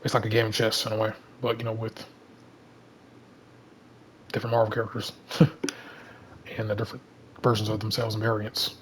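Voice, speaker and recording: A man's voice: fairly low pitch, completely flat delivery, moderate pace, long pauses, a little hiss or hum, rough recording. Rambling Southern man reading comics. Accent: Southern American. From Alabama. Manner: rambling, with many fillers. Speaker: comic reader and commentator. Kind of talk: casual comic read-through and breakdown.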